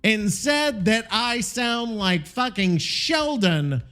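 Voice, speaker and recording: A man's voice: high-pitched, slow, faint music behind. A man hosting a solo podcast, rambling and swearing a lot, sounding tired. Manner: profane, rambling, animated. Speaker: podcast host. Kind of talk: casual solo podcast rant.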